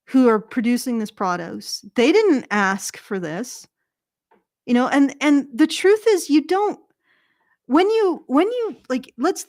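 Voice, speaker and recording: A woman's voice: on the high side, dry recording. Chatty Canadian woman, very dry sound. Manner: rambling, self-correcting, chuckles at own jokes. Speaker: political commentary show regular. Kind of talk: casual political commentary.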